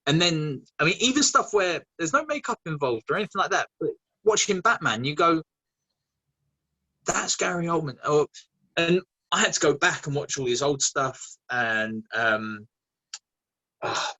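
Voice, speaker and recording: Bright, lively Englishman in interview. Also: a little high, moderate pace, rough recording. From England. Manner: animated, laughing, many restarts. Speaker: guest actor. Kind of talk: casual interview chat.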